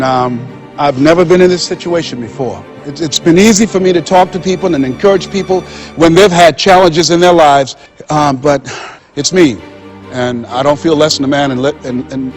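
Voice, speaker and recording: A man's voice: fairly high pitch, normal speed, soft background music. A man giving a motivational speech, telling stories and acting out dialogue with emphatic, preacher-like repetition. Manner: storytelling, acting out quoted dialogue. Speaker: motivational speaker.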